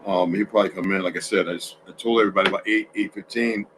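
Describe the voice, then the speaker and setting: Tired and yawning, a man hosts a casual livestream from home, speaking rapid-fire in a low, fairly even voice. He rambles, restarts often and makes asides to chat, with background noise audible.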